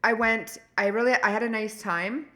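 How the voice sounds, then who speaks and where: A woman co-hosting a podcast, chatting casually and telling animated, rambling stories full of restarts. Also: on the high side, normal speed. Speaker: podcast co-host. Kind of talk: casual chat.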